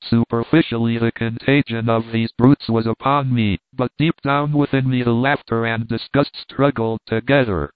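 A man reading a first-person story aloud in a measured, steady way. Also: mid-range voice, clear, resonant tone, no echo. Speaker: audiobook reader. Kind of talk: first-person literary narration. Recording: narrow phone-like band.

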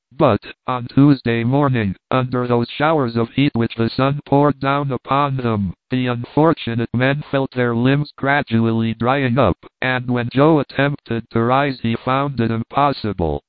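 A man reads an adventure story aloud in a steady, measured way, his pitch in a middle range. The sound is narrow and phone-like, dry with no echo. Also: clear, resonant tone. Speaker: narrator. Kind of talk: audiobook narration.

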